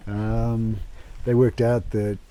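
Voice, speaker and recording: A man who runs an eco lodge, talking casually in an interview, relaxed and unhurried with many fillers and restarts, speaking indoors at home. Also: fairly low pitch. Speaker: eco lodge owner and permaculture gardener.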